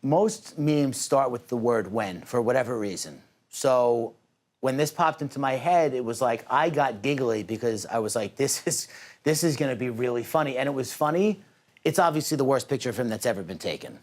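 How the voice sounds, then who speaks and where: A man's voice: mid-range voice, lively intonation, normal speed. A young man talking as a guest in a TV studio interview, in a casual, rambling way with a lot of "like". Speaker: guest, meme creator.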